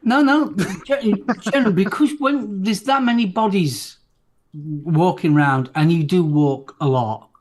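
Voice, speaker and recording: A man in a casual podcast chat, speaking with slow, dry, understated delivery. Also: high-pitched, darkish tone. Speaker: show co-host.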